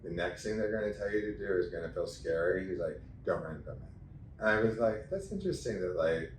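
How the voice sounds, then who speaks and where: A man as an interview guest, talking in an animated, chatty way and laughing as he tells stories. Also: low-pitched, a little fast, a little hiss or hum. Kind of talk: casual interview chat. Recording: echoey room, mic at a distance.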